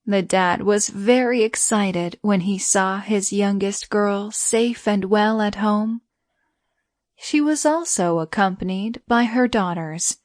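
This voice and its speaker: A woman reading a bedtime story aloud in a soothing, even way. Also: mid-range voice, slow, no echo, studio quality.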